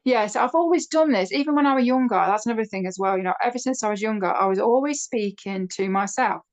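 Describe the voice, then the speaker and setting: A middle-aged woman, a podcast guest telling a personal story in a chatty, animated way over a video call. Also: on the high side, fast. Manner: chatty, animated when quoting others. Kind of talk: casual storytelling interview.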